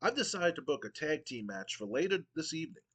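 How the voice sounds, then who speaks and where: A man's voice: on the high side, very animated, brisk, a bit bright, slightly rough, pitched above the performer's own voice, full character voice. A man voicing a smug, pompous male wrestling commissioner who talks down to the crowd in a haughty, lofty manner. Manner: haughty, lofty, condescending speech.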